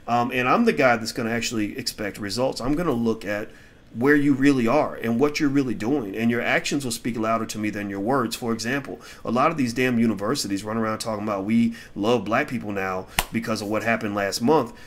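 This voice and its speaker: A middle-aged man holds forth in casual commentary at an ordinary pitch, with a blunt, heated delivery. He swings between loud bursts and low mutters as he answers viewer questions. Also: fast talker.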